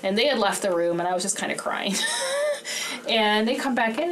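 A homeschooling mother co-hosts a faith podcast, speaking candidly about her emotions and laughing often. Her mid-range voice is expressive, fairly quick and fairly bright. The mic sits at a distance, with faint background noise.

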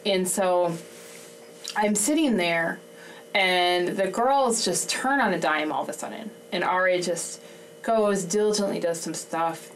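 A woman co-hosting a faith conversation, talking candidly and openly about her emotions and laughing often. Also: fairly low pitch. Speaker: podcast co-host and homeschooling mother. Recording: distant mic, faint background noise.

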